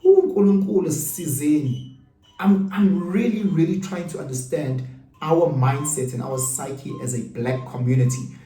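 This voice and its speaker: A middle-aged South African man talks in an animated, questioning monologue and repeats lines for emphasis. His voice sits a little high with a mellow tone. The recording sounds roomy, with the mic at a distance. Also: moderate pace, faint music behind. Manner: animated, rhetorical, repeats himself. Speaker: host. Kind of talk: casual monologue.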